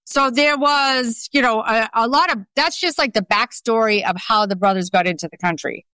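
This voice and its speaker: Middle-aged Boston woman, interview guest; smooth, resonant, pointed and skeptical. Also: on the high side, normal speed, sharp tone, no room sound. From Boston, USA. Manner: emphatic, skeptical, conversational with fillers. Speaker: guest journalist. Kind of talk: podcast interview.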